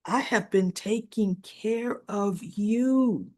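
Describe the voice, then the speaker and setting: A woman voicing a young woman nurse who turns from excited to hurt, talking in an emotional, pleading way. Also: mid-range voice, very slow.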